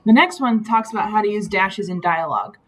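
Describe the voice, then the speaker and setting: A woman's voice: mid-range voice, brisk, poor audio. A woman teacher talking through grammar slides in a patient, explanatory way, with frequent ums. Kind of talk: recorded slide lesson.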